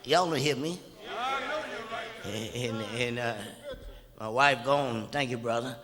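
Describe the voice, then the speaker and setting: A man preaching a sermon, stammering through repeated words and building from quiet talk up to loud shouts. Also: medium pitch, slow pace, a loud crowd. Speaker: pastor. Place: church sanctuary. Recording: long reverb of a church hall.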